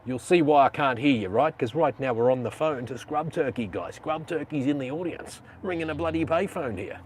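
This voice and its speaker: A man's voice: medium pitch, fairly quick, husky. A man with an Australian accent hosting a casual live stream, chatting and rambling in slang.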